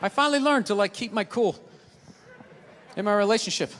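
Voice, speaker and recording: A man with a Boston accent doing a profane stand-up rant, bursting into shouts, on a stage mic. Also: sits high, fairly quick, very noisy. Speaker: stand-up comedian. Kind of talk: stand-up routine. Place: large theater stage with audience. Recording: live hall with crowd laughter.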